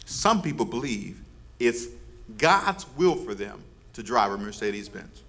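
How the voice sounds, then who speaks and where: A man's voice: lowish voice, sing-song, measured pace, gravelly, a bit bright. A man preaching as pastor, leading his congregation in call and response and teasing them playfully. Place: church service before a congregation.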